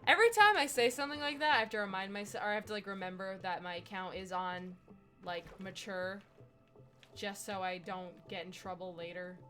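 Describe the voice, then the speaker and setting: A young woman from the Midwest chats her way through a gaming live stream, drifting from story to story and cooing at animals on screen. Her voice is bright and sharp. Soft music plays faintly in the background. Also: mid-range voice, brisk. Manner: rambling, chatty storytelling, talks to game animals. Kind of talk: casual live-stream chat while gaming.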